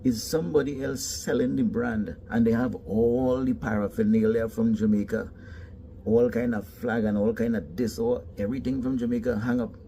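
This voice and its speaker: A man's voice: mid-range voice, steady tone, moderate pace, dark tone, a little hiss or hum. A man from the Caribbean with a Caribbean English accent, telling stories emphatically in a casual monologue.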